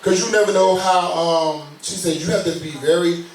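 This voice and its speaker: A man's voice: high voice, moderate pace, slight background noise. Laid-back man talking slang in a roomy room. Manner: relaxed, slangy, often asks "you know what I'm saying?". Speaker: podcast co-host. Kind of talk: casual chat. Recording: roomy sound, mic some distance off.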